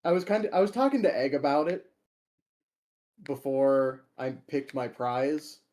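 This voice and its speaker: Animated and a little mellow, a young man from Minnesota speaks at a measured pace in a medium-pitched voice. He co-hosts a podcast, competes in tournaments, and in this casual chat he tells meandering stories punctuated by frequent laughter.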